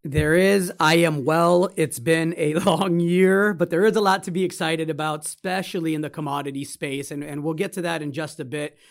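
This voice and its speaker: Podcast host guy, early 40s, gravelly creaky voice, a bit higher pitched, leans hard on his words. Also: steady tone. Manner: emphatic, deliberate delivery. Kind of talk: casual podcast chat.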